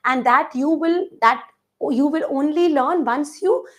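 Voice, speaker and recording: Woman teacher going over vocab, high voice, lots of examples and questions to the class. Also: unhurried, fairly bright tone. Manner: mixes in a few Hindi words. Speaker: English teacher. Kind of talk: online exam-prep vocabulary lesson.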